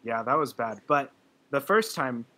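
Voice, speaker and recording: A man's voice: mid-range voice, lively intonation, unhurried, bright, forceful tone. A young man co-hosting a movie review podcast, chatting earnestly and gushing about scenes that moved him. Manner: earnest, gushing, with frequent fillers. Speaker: podcast co-host. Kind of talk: casual movie review chat.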